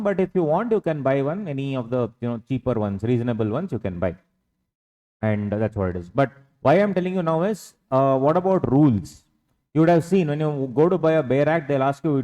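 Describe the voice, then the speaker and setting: A man's voice: medium pitch, warm tone, in a large hall, rough recording. A young man with an Indian English accent lecturing on tax law in an online revision class, asking questions and answering them himself. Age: young adult.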